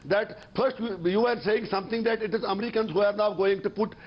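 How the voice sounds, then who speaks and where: A defiant man pushes his point in a heated TV news debate, insistent and stumbling over restarts. His voice sits very high and he talks fast. The sound is dull and lo-fi, like a remote link. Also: fairly even intonation. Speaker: debate panelist.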